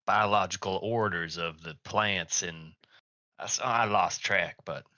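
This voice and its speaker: A man at a tabletop game with a low voice and a very bright, tense edge. The sound is dry and close. He talks offhand and hesitant. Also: measured pace, no room sound, highs cut off. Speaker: player. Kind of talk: casual tabletop play.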